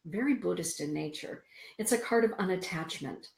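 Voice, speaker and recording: A woman's voice: on the low side, animated, moderate pace, gravelly, roomy sound. A woman hosting a spiritual radio show, chatting with listeners and reading oracle cards aloud to them. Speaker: radio show host and card reader.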